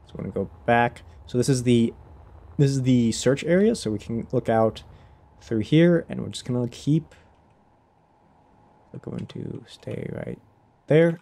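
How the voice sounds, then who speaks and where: A man's voice: mid-range voice, animated, unhurried, gravelly, pauses often, warm tone. A man streaming a game live, chatting casually, laughing often and answering his chat as he plays.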